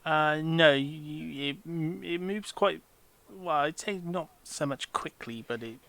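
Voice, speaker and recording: A man running a tabletop game as dungeon master, narrating haltingly and restarting his phrases. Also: a little high, gravelly, sharp tone, dry recording.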